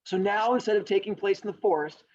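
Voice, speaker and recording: A man's voice: high voice, quick pace, darkish tone. A man teaching a class, explaining and telling a story in a playful, jokey way. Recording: dull lo-fi recording.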